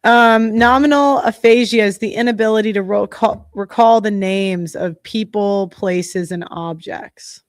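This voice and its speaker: A woman's voice: medium pitch, measured pace, hardly any pauses, no echo, clean studio sound. A young woman hosting a livestream, talking casually, bluntly and with heat, swearing often and restarting her sentences. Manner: heated, blunt and profane, with frequent restarts. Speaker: livestream host.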